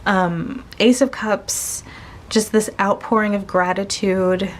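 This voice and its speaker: A woman giving a casual spoken tarot reading to her viewers, gentle and searching, pausing often and restarting her sentences. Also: mid-range voice, level tone. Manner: slow, gentle, searching, with many pauses and restarts. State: tearful, emotional. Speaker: tarot reader.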